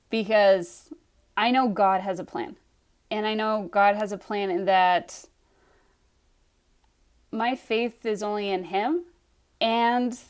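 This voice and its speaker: A young adult woman, an author, chatting earnestly on a live stream to her readers, gushing, with soft laughs and trailing starts. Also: fairly high pitch. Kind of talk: heartfelt live stream chat.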